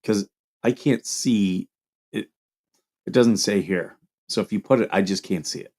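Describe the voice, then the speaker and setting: A man's voice: lowish voice, a little slow, a little mellow. A man hosting a casual livestream, reading viewer questions aloud and answering them in a loose, rambling way.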